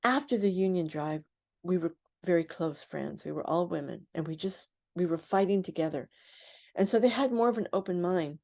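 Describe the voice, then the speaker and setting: An older woman who is a guest on a radio interview, recounting her past in an animated way and acting out the voices of people she quotes. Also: on the low side, moderate pace, creaky. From United States.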